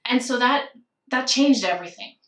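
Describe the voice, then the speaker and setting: A middle-aged woman speaks candidly as a podcast guest, her voice slightly high. She sounds a little distant from the microphone, in an echoey room. She slows down on emotional parts and laughs softly. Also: animated, slight background noise. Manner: candid and emotional, with soft laughs and slowed phrases. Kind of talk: personal storytelling in a podcast conversation.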